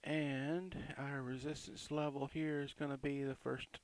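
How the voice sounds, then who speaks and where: A man giving casual, chatty commentary on crypto price charts, reading out support and resistance levels with quick asides. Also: mid-range voice, little pitch movement.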